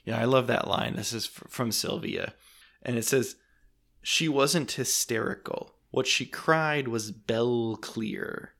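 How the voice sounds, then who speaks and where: Gravelly-voiced man hosting a book podcast. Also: medium pitch, slow pace, a bit bright. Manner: enthusiastic, wraps up and promotes next episode. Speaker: podcast host. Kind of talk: casual book discussion.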